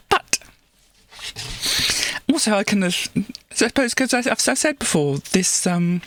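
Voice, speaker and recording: A woman's voice: mid-range voice, very animated, a little slow, pauses often, dry recording. A woman streamer chatting casually on a live stream, rambling with frequent restarts and laughs, now and then slipping into playful put-on voices. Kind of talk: casual livestream chat.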